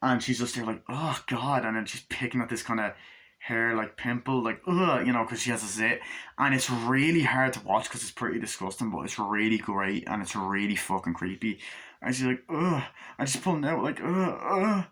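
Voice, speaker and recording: Animated man reviewing a film. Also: fairly low pitch. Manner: animated, swears freely, acts out scenes in quick voices. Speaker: movie reviewer. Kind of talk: casual spoken movie review.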